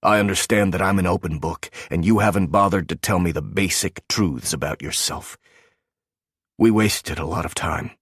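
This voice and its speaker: Male narrator as a hurt agent and team leader, low-voiced, accusing, dry close audiobook sound. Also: moderate pace, fairly bright tone, slightly rough, no echo, exaggerated voice. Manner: bitter, accusing, restrained.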